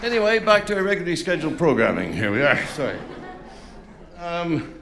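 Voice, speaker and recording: A man's voice: on the high side, big pitch swings, brisk, gravelly, crowd noise, background noise. A man chatting between songs at a folk concert, rambling and self-deprecating with lots of fillers, on a stage microphone. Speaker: folk singer-songwriter. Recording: live concert with faint music behind.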